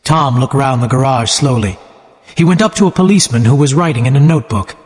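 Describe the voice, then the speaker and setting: A man's voice: mid-range voice, lively intonation, fast talker. Man reading a story for english learners, voice rises and falls a lot, long echoey tail. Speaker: narrator. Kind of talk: scripted story narration.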